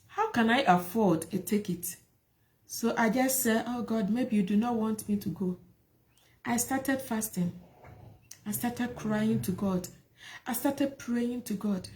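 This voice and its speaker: A woman tells her own life story as a testimony. Her voice sits fairly high but sounds mellow and soft. She talks with feeling, repeats her lines and asks many rhetorical questions. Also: unhurried. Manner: emotional, repetitive, rhetorical questions. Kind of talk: personal testimony talk.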